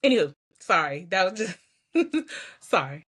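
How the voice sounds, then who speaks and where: A woman's voice: on the low side, big pitch swings, a little slow, a bit bright, husky. A woman hosting her own show, talking casually and candidly to viewers while trying not to cry. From Georgia, US. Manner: chatty, candid, laughs and sighs often. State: holding back tears. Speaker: podcast host. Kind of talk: casual personal vlog talk.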